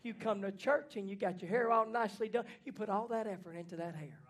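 A man preaching a fiery sermon in a church, folksy and plainspoken, swinging from hushed lines to shouting. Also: high voice, quick pace. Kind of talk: fiery Pentecostal-style sermon.

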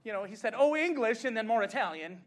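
High-pitched american pastor guy preaching, gets loud and fired up then chatty. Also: fast. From United States. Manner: impassioned preaching that rises to shouting; chatty anecdote-telling with frequent laughs. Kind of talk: sermon.

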